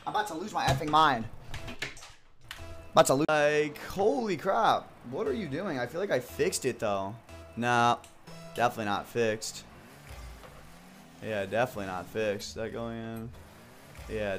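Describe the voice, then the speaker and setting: A young man streaming a game, frustrated and ranting, with lots of swearing, dropping from low mutters to loud yells. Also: normal speed, long pauses, soft background music.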